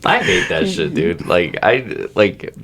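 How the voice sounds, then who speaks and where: Very low-pitched young man in a casual podcast chat, swears a lot, tells stories with big animated voices, loose and rambling. He sounds like a regular on the show, trading stories with his co-hosts. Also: slow, background noise. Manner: crude, animated storyteller who swears freely. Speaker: podcast co-host.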